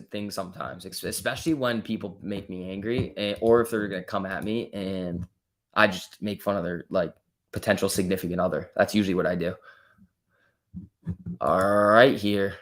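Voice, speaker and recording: A man hosting a casual live stream, reading viewer comments aloud and answering them with a joking, lightly teasing manner. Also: lowish voice. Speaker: livestream host.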